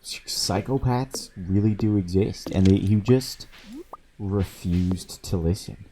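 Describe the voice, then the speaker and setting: A low-voiced man chats into his desk mic while he plays, spinning a story and cursing loosely as he goes. His tone is warm and relaxed, and a faint hiss sits under the voice. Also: slow. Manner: swears freely, laughs while telling stories. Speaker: streamer. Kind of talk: casual storytelling while gaming. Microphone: desk microphone.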